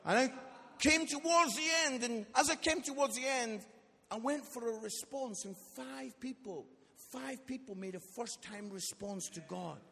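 A man's voice: very high-pitched, normal speed, gravelly, a little hiss or hum. A man preaching as a guest speaker, telling funny stories and asking the congregation questions in a live church service. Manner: lively, comic, asks the audience questions. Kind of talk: comic storytelling sermon. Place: church hall, live audience. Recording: long church hall reverb.

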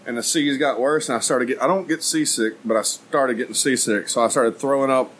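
A man's voice: medium pitch, fairly even intonation, fairly quick, fairly bright tone, a little hiss or hum, low-quality recording. Laughing man telling stories. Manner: laughing storyteller, graphic and joking. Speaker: podcast co-host. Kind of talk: casual chat.

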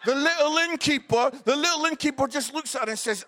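Animated high-voiced male preacher. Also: brisk, few pauses. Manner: animated, acts out voices, bursts into shouting. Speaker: guest preacher. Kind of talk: storytelling sermon. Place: church.

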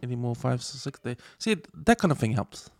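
A man with a New Zealand accent co-hosting a podcast, making his points in a plain, measured way. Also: medium pitch, very animated, no room sound. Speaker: podcast co-host. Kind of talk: casual chat.

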